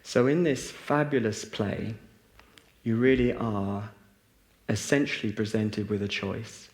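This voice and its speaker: A man's voice: fairly low pitch, steady tone, slow. A man leading a reflective spiritual talk and group meditation for a live audience, with many fillers and restarts. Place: large hall with a live audience. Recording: roomy echo.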